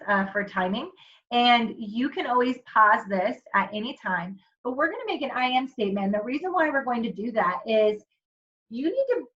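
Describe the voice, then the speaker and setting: A woman's voice: on the high side, fairly bright tone. A young adult woman giving an upbeat, encouraging motivational presentation, speaking straight to the viewer as a wellness coach. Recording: dull lo-fi audio.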